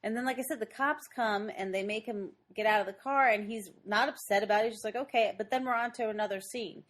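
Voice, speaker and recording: A woman's voice: mid-range voice, fast talker, a bit bright. A woman co-hosting a podcast, recapping a movie in casual chat and acting out its lines with animation. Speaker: podcast co-host.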